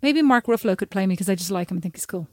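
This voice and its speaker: A young Irish woman co-hosting a podcast, chatting casually with her sister, teasing her and protesting loudly. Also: medium pitch, expressive, very fast, no room sound, studio quality. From Ireland. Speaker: podcast co-host.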